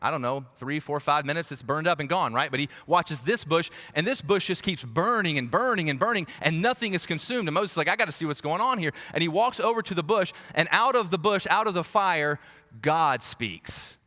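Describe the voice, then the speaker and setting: A man preaching a conversational, animated sermon as a pastor, acting out quoted voices. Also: a little high, brisk. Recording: long hall reverb.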